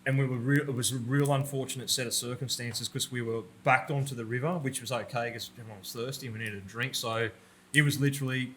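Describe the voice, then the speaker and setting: An Australian man with a bright, forward voice tells war stories in a podcast chat. He swears freely and laughs at his own anecdotes. A faint hiss sits under the recording. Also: mid-range voice, fairly even intonation, quick pace. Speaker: podcast guest, army veteran. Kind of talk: conversational war storytelling. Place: room with a roller door.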